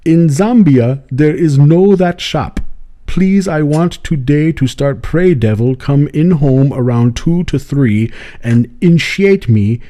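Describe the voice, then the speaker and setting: A man's voice: a little high, animated, warm tone, pitched above the performer's own voice. A man putting on the voice of an eager young man who pleads in broken English to be let in. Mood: pleading. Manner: slow, insistent pleading.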